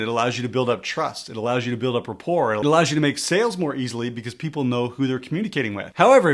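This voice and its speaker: Man, fast-paced, emphatic, tutorial voice-over, repeats words for stress, close mic. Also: mid-range voice. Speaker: coach explaining social media marketing. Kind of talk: screen-recorded tutorial.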